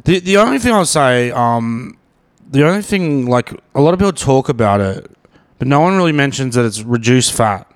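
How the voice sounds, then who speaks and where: A man's voice: medium pitch, sing-song, normal speed. A man with an Australian accent, hosting a podcast in casual chat, rambling and often repeating words. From Brisbane, Australia. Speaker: podcast host.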